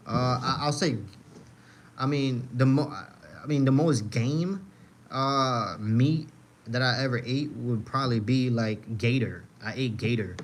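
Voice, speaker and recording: A young man hosting a livestream, telling loose, profane stories and answering chat in a casual, slangy way. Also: mid-range voice. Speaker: livestream host.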